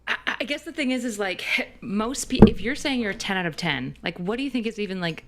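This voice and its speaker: A woman co-hosting a call-in dating show, bantering with deadpan teasing. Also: medium pitch, fast, very noisy. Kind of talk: casual streaming chat.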